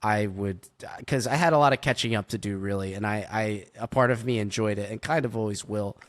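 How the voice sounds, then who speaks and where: A man's voice: lowish voice, a little fast. A man in his thirties hosting a podcast in casual chat, wry and teasing, reining in the others. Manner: wry, chiding, self-deprecating. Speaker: podcast host.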